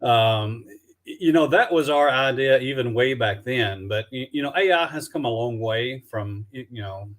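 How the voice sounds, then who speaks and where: A man's voice: medium pitch, animated. Southern man rambling on a live stream. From Alabama. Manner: halting, many restarts and fillers. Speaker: documentary filmmaker guest. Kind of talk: casual live-stream chat.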